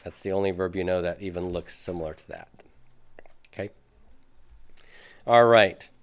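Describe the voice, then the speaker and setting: Speaking low and at a moderate pace, a male teacher leads a Greek grammar class. He takes his time with examples at the board, asks the students questions, and fills his thinking-aloud with lots of fillers.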